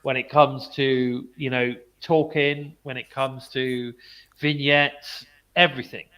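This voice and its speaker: A man's voice: mid-range voice, little pitch movement, slow pace, a bit bright. A British man co-hosting a wrestling review podcast, reading match recaps with plenty of fillers. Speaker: podcast co-host. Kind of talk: casual wrestling review chat.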